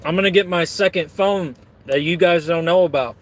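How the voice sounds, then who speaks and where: A man's voice: a little high, moderate pace. A man chatting casually on camera while eating and reading out chat, full of crude, rambling, self-mocking jokes. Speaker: streamer reading chat messages.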